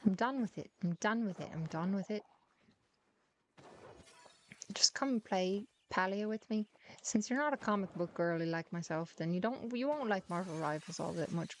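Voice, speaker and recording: A woman's voice: mid-range voice, slight background noise. A woman chatting casually through her gameplay, teasing and muttering to herself as she plays. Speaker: gaming streamer.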